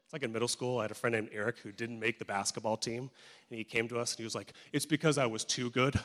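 A man's voice: mid-range voice, level tone, racing, fairly bright tone. A male pastor preaching a sermon in a church, conversational and joking with emphatic turns. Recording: echoey church hall.

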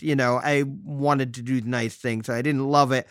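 A man from New City, hosting a podcast and telling stories in a joking, salty, animated way. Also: mid-range voice, moderate pace, hardly any pauses, smooth, dry recording, clean studio sound. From New York City. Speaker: podcast host. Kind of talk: casual storytelling monologue.

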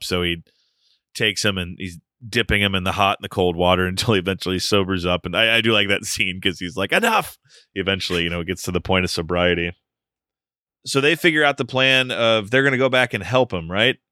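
A man's voice: low-pitched, steady tone, fast talker, pushed and bright, smooth, no echo, studio quality. A man co-hosting a podcast, casually recapping a film's plot with joking asides. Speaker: podcast co-host. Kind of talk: casual movie review chat.

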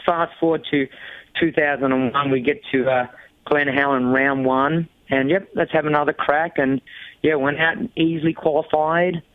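Racing-champ guest, male, slightly high voice, lively anecdote teller, tinny phone-like dry sound. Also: normal speed, dry recording. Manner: animated, acts out quoted voices, frequent fillers. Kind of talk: casual storytelling interview.

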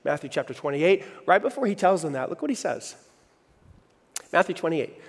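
A pastor preaching a lively sermon, acting out the voices he quotes. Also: fairly high pitch, normal speed. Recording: long hall reverb.

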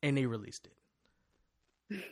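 A man's voice: medium pitch, sing-song, a little slow. A man hosting a casual chat, ranting animatedly and swearing freely.

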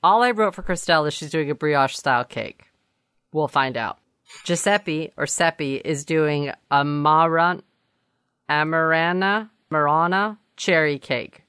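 A woman's voice: sits low, measured pace, a bit bright, smooth, dry recording. A woman hosting a casual recap chat, rambling and self-deprecating as she talks. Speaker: podcast host.

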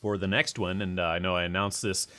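Man, low voice, podcast host, casual, rambling, close mic. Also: level tone, fast, sharp tone. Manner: rambling, many fillers.

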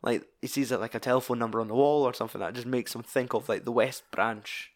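A man's voice: medium pitch, steady tone, fast. A Scottish man in casual film-discussion chat, swearing freely as he retells scenes with animation.

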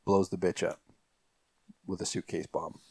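Low-voiced rambling podcast host. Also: male voice, level tone, a little slow, a little mellow, husky, dry recording. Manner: rambling, many fillers and restarts. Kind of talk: casual podcast chat recapping a film.

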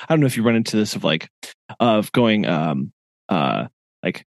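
A man's voice: on the low side, lively intonation, moderate pace, no echo. A man co-hosting a podcast, talking hesitantly in casual chat and searching for words. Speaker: podcast co-host.

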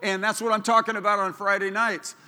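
Male pastor, fervent sermon, high voice, bright tone, echoey church hall. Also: flat delivery, fairly quick. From Southern California. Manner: fervent preaching, building to loud declarations. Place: church sanctuary.

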